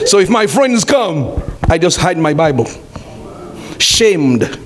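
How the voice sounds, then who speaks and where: A man preaching a sermon as pastor, repeating his phrases, calling to the congregation and rising to shouts. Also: high-pitched, very animated, takes it slowly. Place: church.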